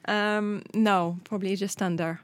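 Animated woman storyteller. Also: medium pitch, measured pace. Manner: animated storytelling with quoted dialogue. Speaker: podcast co-host. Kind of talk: casual chat.

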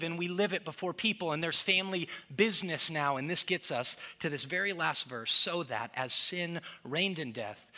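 A man, likely in his thirties, preaching a sermon as pastor, building to emphatic peaks and dropping soft to act out little scenes. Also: a little high. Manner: preaching with rising emphasis, quoting his toddler in soft voices.

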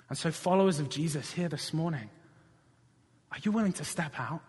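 Male preacher, husky tone, earnest storytelling sermon in a church hall. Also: a little high, brisk, pauses often. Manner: earnest storytelling, building to passionate appeals.

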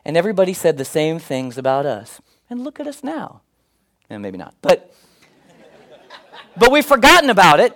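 A man's voice: high-pitched, normal speed, pauses often, low-quality recording. A middle-aged male pastor preaching a sermon, telling stories with humor and putting on voices. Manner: animated, humorous storytelling with put-on voices.

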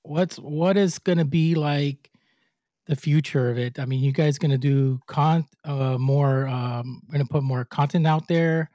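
A man in a casual interview host role, speaking with a somewhat high voice and a dark, mellow tone. He talks loosely and laughs often, stumbling over his notes. The recording is close and dry. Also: unhurried, no room sound. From United States. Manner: chatty, stumbles while reading a bio, laughs often. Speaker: podcast host.

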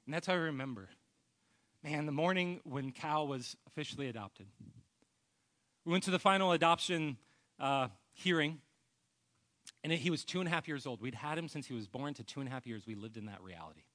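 Guy preaching a sermon, earnest storyteller, bit high voice, goes quiet n low at the end of lines. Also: fairly quick, pauses often. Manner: often trails off to a soft low voice. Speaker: pastor.

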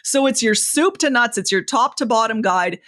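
A woman speaking coach giving advice as a podcast guest, expressive and lively, with a voice that moves up and down a lot. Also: normal speed. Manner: lively, varied pitch, expressive. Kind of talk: conversational interview.

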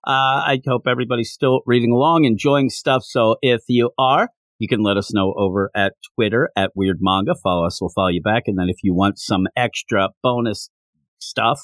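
Speaking at a moderate pace with a fairly low voice and no echo, a podcast host gives a casual recap of a manga chapter. He tells it with animation, acting out the quoted lines.

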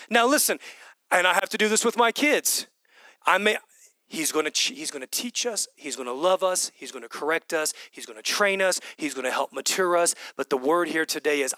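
Male preacher, high pitch, dry sound; impassioned, repetitive delivery with whispered drops. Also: expressive, brisk, no echo. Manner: impassioned, repetitive, swings from loud calls to whispers. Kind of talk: sermon.

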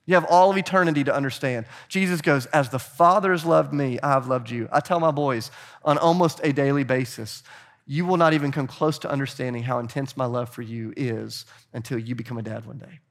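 Preaching at a fairly quick pace, a middle-aged pastor with a medium-pitched voice delivers an animated sermon and calls on the congregation to take part.

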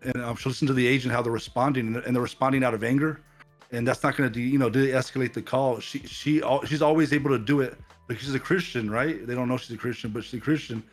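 Fast-talking earnest pastor, a man. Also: medium pitch, fairly even intonation, soft background music. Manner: earnest, repeats words as he searches for them. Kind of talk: casual faith conversation.

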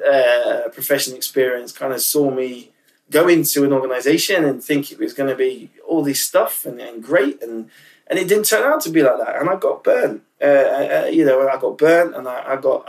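A man appears as a podcast guest in a casual interview chat, candid and emotional, often restarting and repeating words. His voice is medium-pitched, and the audio is poor, with the mic far away.

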